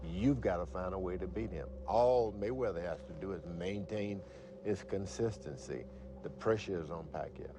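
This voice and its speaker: A man's voice: deep voice, normal speed, noisy background. An older man, a former boxer, answering interview questions with folksy, reflective stories and a few fillers.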